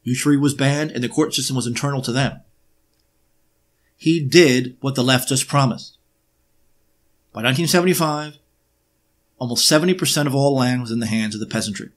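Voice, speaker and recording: A man presenting an unscripted history monologue, emphatic and sarcastic, often pausing on uh and um while he builds his points. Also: medium pitch. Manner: emphatic, with sarcastic rhetorical questions; frequent hesitations with uh and um.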